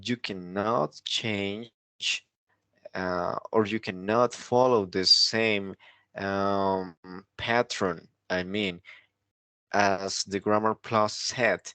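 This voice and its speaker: A male teacher talks through a grammar lesson at an unhurried, deliberate pace, his fairly low voice carrying a gravelly edge. He keeps pausing to check in with the listener, and the sound is dry and close. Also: bright, forceful tone, no room sound. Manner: explanatory, keeps checking with "right?". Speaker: English teacher.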